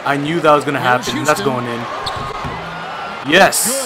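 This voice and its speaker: A young man commentating his own basketball video game, hyped up, shouting and half-singing at big plays. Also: medium pitch, measured pace, a loud crowd, very noisy. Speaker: gaming YouTuber. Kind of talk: excited gameplay commentary. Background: background music.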